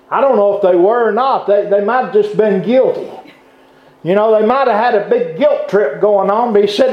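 A man preaching a sermon, fervent, with halting restarts and bursts of shouting. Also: very high voice. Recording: echoey room, dull lo-fi sound.

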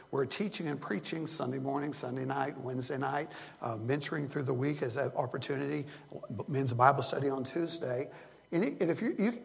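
A man's voice: on the high side, vocal fry, long reverb tail. An older man preaching a sermon as a pastor, earnest and rambling, often restarting his sentences. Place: church sanctuary.

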